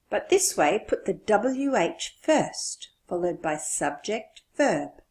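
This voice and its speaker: A woman teaching an English lesson, explaining slowly and stressing key words. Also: mid-range voice, big pitch swings, darkish tone.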